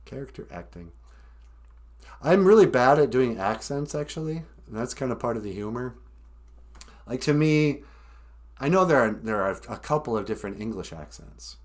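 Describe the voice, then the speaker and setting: A man's voice: medium pitch, expressive, moderate pace, long pauses. A man hosting a casual live stream, chatting about how he does his impressions. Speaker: host.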